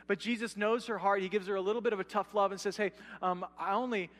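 High-voiced pastor preaching in a reverberant hall. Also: male voice, racing. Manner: conversational, animated preaching with asides to the congregation. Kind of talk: sermon.

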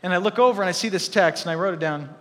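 A man in his thirties preaching a sermon to a congregation, animated, with joking asides to the crowd. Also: high voice, very fast, long reverb tail. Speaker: pastor. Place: church hall.

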